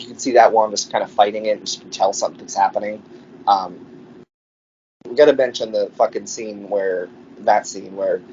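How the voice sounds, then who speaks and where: A man's voice: fairly low pitch, a little mellow. A man co-hosting a podcast in casual chat, enthusiastic and swearing casually. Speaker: podcast co-host. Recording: slightly dull audio with faint noise.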